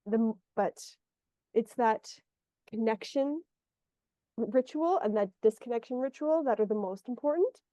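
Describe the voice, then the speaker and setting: Speaking a little slowly in a slightly high, animated, mellow voice, this energy healer leads a one-on-one guidance session with a client by video call. She wanders and gropes for words aloud, on a dry recording with muffled, lo-fi sound.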